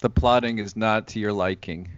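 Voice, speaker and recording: A man's voice: lowish voice, fairly even intonation, normal speed, no room sound, muffled recording. A man co-hosting a film podcast, dropping dry, wry remarks into the discussion. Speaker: podcast co-host.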